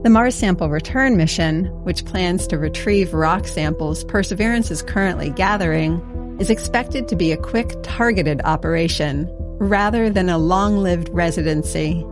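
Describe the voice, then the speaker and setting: A woman host giving measured, scripted narration for a science podcast. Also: on the low side. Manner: measured, explanatory. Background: music bed.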